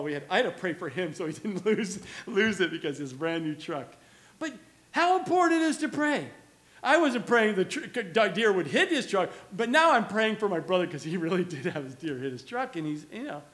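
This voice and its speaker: Man, pastor, high voice, sermon, animated storyteller, chuckles. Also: moderate pace.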